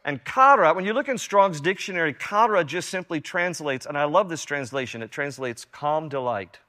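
A man's voice: a little high, animated, moderate pace, sharp tone. An older man preaching a sermon as pastor, earnest and emphatic, repeating key lines. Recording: long hall reverb.

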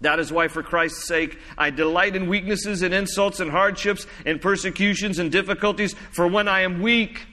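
Male pastor, sermon delivery, slow scripture readings, soft low emphasis, reverberant hall sound. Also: steady tone. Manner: teaching, reads scripture slowly, drops low and soft for emphasis.

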